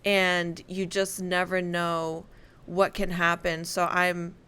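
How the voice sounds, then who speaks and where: A woman hosting an interview, speaking in a gentle, consoling and reflective way. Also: lowish voice, monotone, takes it slowly, clear, resonant tone. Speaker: interview host. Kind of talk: sympathetic interviewer.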